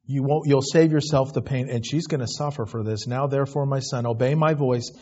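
Preacher reading scripture, muffled sound. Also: male voice, mid-range voice, a little fast, dark tone. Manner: reads scripture aloud, then comments in plain asides. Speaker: pastor. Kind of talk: expository sermon.

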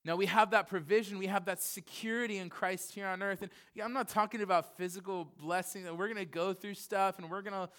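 Higher-voiced man preaching a casual sermon. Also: steady tone, fairly quick, hardly any pauses, fairly bright tone. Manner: casual asides that build to earnest emphasis. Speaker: pastor. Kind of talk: conversational sermon.

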